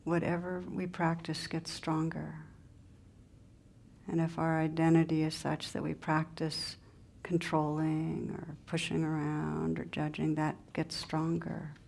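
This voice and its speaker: A woman meditation teacher giving a spiritual talk and telling a story, gentle and unhurried in short pausing phrases. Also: low voice, monotone, vocal fry.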